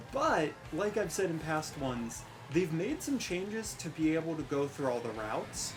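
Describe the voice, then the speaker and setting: A young woman giving casual, rambling let's-play commentary over a racing game, joking about herself and yelping at the action. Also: lowish voice. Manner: chatty, rambling, self-mocking, yelps at the game. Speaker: gaming commentator.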